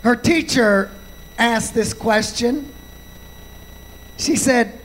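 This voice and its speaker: A male pastor preaching a sermon, slow and deliberate, punctuating points with amens. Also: very high voice, animated, fairly bright tone, slight background noise, poor audio.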